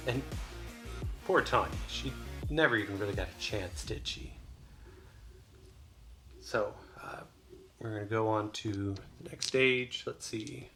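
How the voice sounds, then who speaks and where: A man narrating a solo tabletop game as game master, casual and loose with frequent fillers. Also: lowish voice. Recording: voice over loud background music. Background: music.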